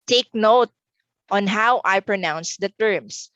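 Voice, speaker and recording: A woman's voice: fairly high pitch, sing-song, takes it slowly, a bit bright, no echo, muffled recording. A woman from the Philippines giving an online exam review lesson, repeating words carefully for pronunciation drills.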